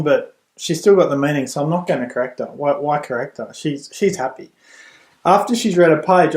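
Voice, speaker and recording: A middle-aged man, a reading tutor and parent, explaining at home in a relaxed way with a few restarts. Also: a little high. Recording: roomy echo.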